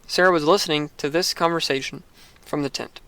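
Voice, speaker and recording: A man slowly reading scripture aloud, correcting his slips and dropping casual joking asides. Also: a little high, fairly even intonation, fairly bright tone, clean tone, dry recording. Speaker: reader of scripture.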